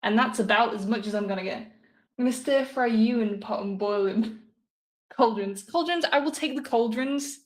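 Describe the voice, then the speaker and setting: With a slightly high voice at a normal speed, a woman cooks on a live stream and chats loosely with her audience, giggling as she rambles. A phone mic captures her in an echoey home kitchen, and she often drifts away from it.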